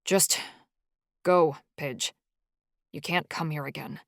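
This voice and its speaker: A woman voicing a protective young man who speaks in a low, strained, subdued way in an audiobook. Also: fairly even intonation, slow, creaky, no echo, studio quality, exaggerated voice. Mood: disappointed.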